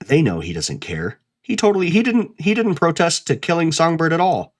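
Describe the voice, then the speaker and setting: A man's voice: a little high, big pitch swings, normal speed. A man hosting a casual commentary video essay, talking bluntly and swearing freely.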